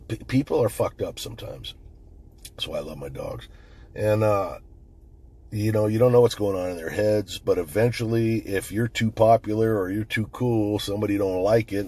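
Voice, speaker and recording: A man's voice: on the low side, a little mellow, breathy edge. A middle-aged man who is the channel host, talking bluntly in a casual monologue, swearing constantly as he tells stories.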